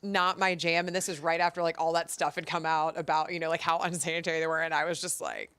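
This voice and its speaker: Animated woman telling a dating story. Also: deep voice, fast. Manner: animated storyteller, acts out quotes. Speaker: talk show co-host. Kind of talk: casual chat.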